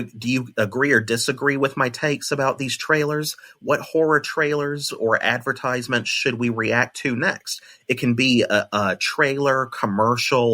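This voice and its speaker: A young man hosting a solo podcast, thinking out loud and often restarting with repeated words. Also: medium pitch. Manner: analytical, thoughtful, repeats words when restarting. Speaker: podcast host.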